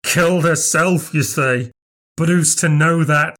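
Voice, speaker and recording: A man voicing a small, sinister bearded stranger who talks in low, breathless, conceited tones. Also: unhurried, sharp tone. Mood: conceited cryptic. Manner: conceited, cryptic.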